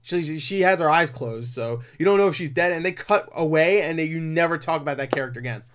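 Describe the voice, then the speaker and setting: A man's voice: a little high, fast talker, fairly bright tone, clear, resonant tone. Rambling, profane man ranting. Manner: rambling, profane, frequent "like" fillers, exasperated outbursts. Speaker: movie reviewer. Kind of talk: casual rant review.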